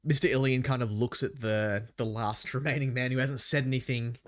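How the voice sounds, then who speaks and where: A man narrating as game master in a tabletop game, telling the scene slowly and hesitantly. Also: medium pitch, steady tone.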